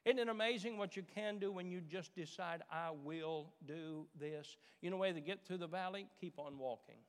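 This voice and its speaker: A middle-aged pastor preaches a sermon in a church sanctuary with long reverb, repeating his phrases as he rises to fervent emphasis. His high voice is smooth, and he speaks at normal speed with few pauses.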